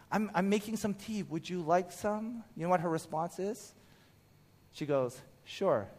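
High-voiced man giving a casual sermon. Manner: conversational, animated storytelling, acts out quotes. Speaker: pastor.

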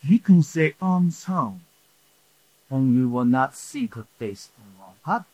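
A man's voice: mid-range voice, sing-song, slow pace, darkish tone, dry recording, poor audio. A man preaching a sermon who restates his points and keeps asking the congregation "right?". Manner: repeats points, asks the room "right?". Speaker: pastor.

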